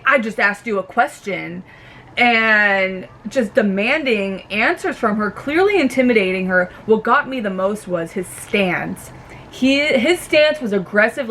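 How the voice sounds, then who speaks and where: A young woman vlogger ranting casually about a reality show, animated and swearing freely. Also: a little high, a little hiss or hum.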